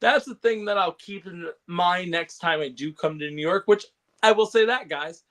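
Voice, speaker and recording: A man's voice: sits high, moderate pace, a bit bright. A man co-hosting a casual podcast chat, rambling with lots of fillers and laughs. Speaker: podcast co-host.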